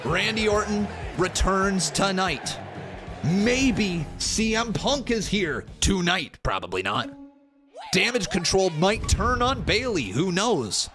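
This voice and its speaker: Excitable streamer man, high and lively. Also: slow, over music. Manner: loud, excitable, swears, shouts and laughs often. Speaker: live-stream host. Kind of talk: watch-along live commentary.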